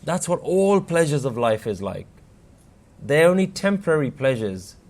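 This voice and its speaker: A man's voice: fairly high pitch, very animated, normal speed, a little mellow. A man giving an earnest spiritual workshop talk, telling stories and quoting scripture with rising and falling emphasis. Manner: earnest, rises and falls for emphasis, quotes scripture. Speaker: Sikh workshop speaker.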